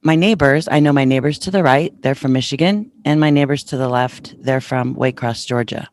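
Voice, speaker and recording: A woman's voice: a bass voice, normal speed. A woman podcast host casually telling a personal story in a chatty way, acting out what others said to her. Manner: chatty, retells conversations with lively quoted voices.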